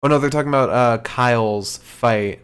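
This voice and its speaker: A man's voice: mid-range voice, normal speed, fairly bright tone, smooth. A man co-hosting a podcast, casually recapping the show with lots of ums and easy laughs. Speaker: podcast co-host.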